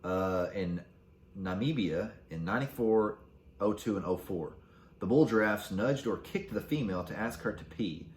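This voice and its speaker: A man with a fairly low voice runs a casual solo podcast, reading out facts and throwing in crude jokes. His voice bounces around an echoey room. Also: animated, normal speed, darkish tone, slight background noise. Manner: crude joking while reading facts aloud. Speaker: podcast host.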